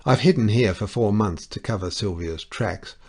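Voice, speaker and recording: A man voicing a firm, blunt older English gentlewoman who speaks with emphatic decisiveness in an audiobook reading. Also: lowish voice, moderate pace, gravelly.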